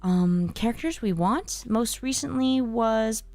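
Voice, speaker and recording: A woman's voice: on the high side, takes it slowly, darkish tone, no room sound. A woman chatting casually to her live-stream audience as host, hesitant and a little scattered, with many fillers and restarts. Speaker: streamer hosting her channel.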